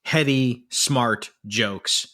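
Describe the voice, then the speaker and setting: A man co-hosting a podcast in casual chat, easygoing and halting with fillers. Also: medium pitch, sharp tone. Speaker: podcast co-host.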